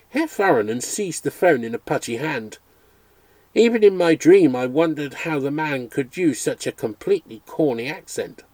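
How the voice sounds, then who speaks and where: A man reading a memoir aloud as a storyteller, expressive and engaged. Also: a little high, normal speed, dry recording. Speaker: audiobook reader.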